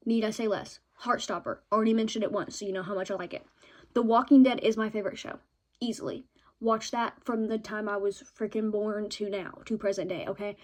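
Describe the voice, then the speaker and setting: A young woman with a fairly high voice vlogs chattily and excitably about her favorite shows and books, often ending her points with "okay?".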